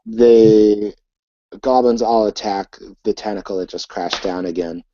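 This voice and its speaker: A man narrating as game master for a tabletop game, talking in a halting way with many ums and restarts. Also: fairly low pitch, fairly even intonation, dark tone, lo-fi sound, slight background noise.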